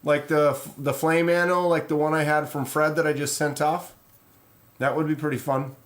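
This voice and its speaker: A man's voice: a little high, moderate pace. Laid-back man rambling on a live stream. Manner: relaxed, rambling, reads chat aloud. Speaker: knife channel host. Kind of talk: casual live stream chat.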